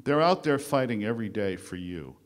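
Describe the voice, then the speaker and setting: A man with a fairly low voice speaking to a conference room. He tells his story loosely and conversationally, pausing with many fillers, and his voice often trails off softly at the ends of phrases. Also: animated. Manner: conversational, with frequent "uh" pauses while recounting history. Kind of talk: lecture at a conference. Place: conference room before an audience.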